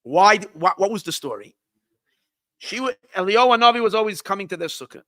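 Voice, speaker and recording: A man, a rabbi, telling a long story in a halting way, often restarting and repeating words, with Yiddish words mixed in. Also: high voice, animated, sharp tone, no room sound, clean studio sound. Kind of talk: storytelling talk.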